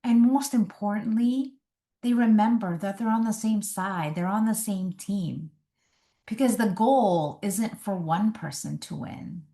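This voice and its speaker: A woman relationship coach giving advice straight to the camera, in a measured, deliberate way with emphatic pauses. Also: medium pitch, warm tone.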